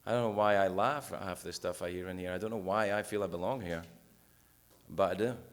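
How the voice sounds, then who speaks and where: A man's voice: low-pitched, a little fast. A man speaking candidly at a recovery meeting, swearing freely and joking with the room. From United States. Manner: swears freely, jokes, shifts between loud bursts and quiet asides. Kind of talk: personal recovery talk, profane and candid. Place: meeting hall with audience.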